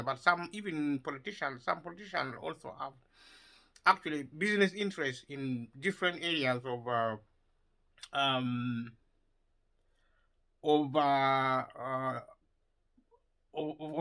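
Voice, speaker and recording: A man giving an opinion monologue for his video channel, halting as he talks, with many repeated words and fillers. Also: on the high side, pushed and bright, low-quality recording. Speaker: video commentator.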